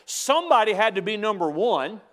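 Male preacher, high-pitched, sermon delivery, repeats lines for emphasis, soft-to-loud swings. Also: big pitch swings, brisk. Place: church sanctuary.

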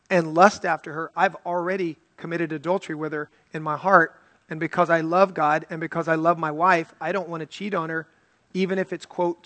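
A man's voice: a little high, a bit bright, no room sound. A male pastor preaching an earnest, conversational sermon and reading scripture aloud.

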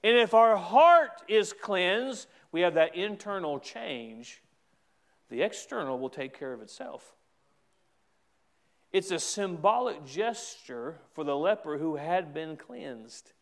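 A man preaching a sermon as a pastor, emphatic, with repeated restarts and stretches where he rises to a shout. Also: sits high, animated, slow, vocal fry.

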